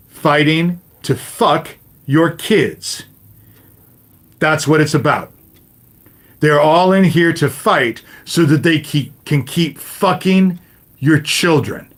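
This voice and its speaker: A man's voice: mid-range voice, fairly bright tone. Swearing fifty-something man ranting on a livestream. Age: 50s. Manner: swears constantly, addresses viewers directly, repeats "you know?". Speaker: livestream host. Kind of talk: profane livestream rant to chat.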